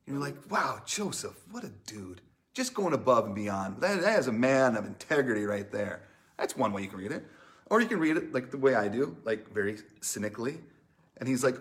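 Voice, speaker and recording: A man's voice: mid-range voice, sing-song, brisk, a bit bright. A man preaching a casual, conversational sermon, reading scripture aloud and playfully acting out the people in the story. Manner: chatty, many "like" fillers, acts out characters playfully. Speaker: pastor.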